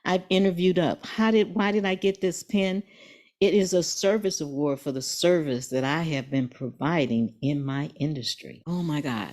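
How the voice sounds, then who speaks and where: Low-voiced woman in her seventies. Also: darkish tone. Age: 70s. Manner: earnest, emphatic storytelling. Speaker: guest. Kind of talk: motivational interview.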